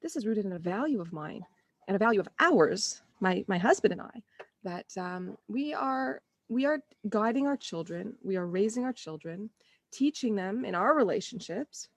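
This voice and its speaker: An earnest woman coaching parents in a relaxed, conversational way, often breaking off to restart a sentence. Her voice sits at an ordinary middle pitch. The sound is dry and close, with no room around it. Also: normal speed, no echo. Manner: earnest, conversational, full of restarts and acted-out inner thoughts. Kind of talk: live online Q&A talk.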